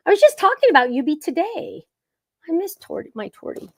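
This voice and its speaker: A woman with a high voice hosts a live-streamed craft demonstration. She keeps up a chatty, playful patter with her viewers in the chat while she works at her table. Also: sing-song, brisk. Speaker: crafting show host.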